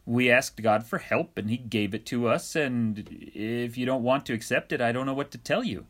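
A man's voice: mid-range voice, moderate pace, natural voice. A man voicing an exasperated male prophet who keeps getting cut off while trying to explain himself, pleading and flustered.

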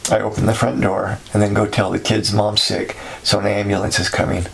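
A man narrating a story in a steady, somber way. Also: lowish voice, a little fast, creaky, poor audio.

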